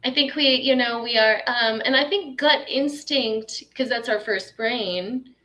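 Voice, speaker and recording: A woman's voice: on the high side, a bit bright. A woman guest on a podcast talking in a reflective, spiritual way, with many "um"s and "you know"s. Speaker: podcast guest, tantra teacher. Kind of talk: casual conversation.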